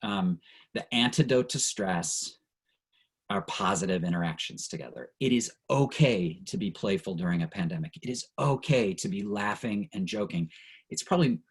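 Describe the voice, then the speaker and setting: Husky-voiced man leading an online training. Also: low voice, lively intonation, moderate pace, rough recording. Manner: earnest, reflective, openly emotional.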